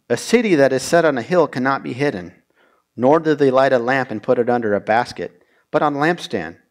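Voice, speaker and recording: A man leads a Bible study at a middle pitch. He reads each verse aloud and then explains it in a measured, plain teaching voice.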